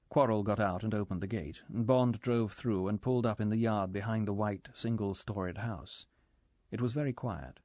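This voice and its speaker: A man reading an audiobook in measured, even scripted narration. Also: lowish voice, no echo.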